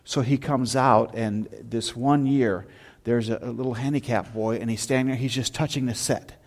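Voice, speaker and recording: A man, a pastor, preaching in a church and telling lively anecdotes in a casual sermon style. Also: mid-range voice, normal speed. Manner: storytelling, animated anecdotes with shouted imitations. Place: church sanctuary.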